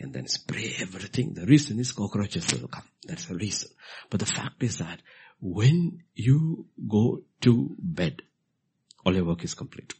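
A middle-aged man preaching a sermon, repeating key phrases and swinging from hushed whispers to loud emphatic bursts. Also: low voice, husky.

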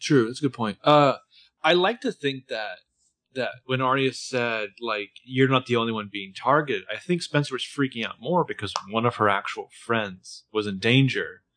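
A man's voice: medium pitch, expressive, normal speed, a bit bright. A man co-hosting a casual TV recap podcast, chatty and joking. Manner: chatty, with playful jokes. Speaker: podcast co-host.

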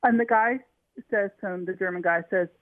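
A woman's voice: medium pitch, fairly quick, no echo. Woman author telling stories over the phone. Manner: eager, with frequent restarts and fillers. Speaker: author being interviewed. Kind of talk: animated storytelling in an interview. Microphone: telephone. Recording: tinny phone line, dry.

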